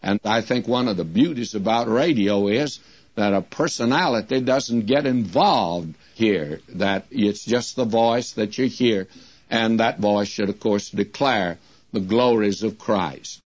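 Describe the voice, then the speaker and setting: An older man teaching a Bible passage on the radio, in a plain-spoken, deliberate way and quoting scripture in old English. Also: on the low side, no echo. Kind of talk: radio sermon. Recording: dull lo-fi radio recording.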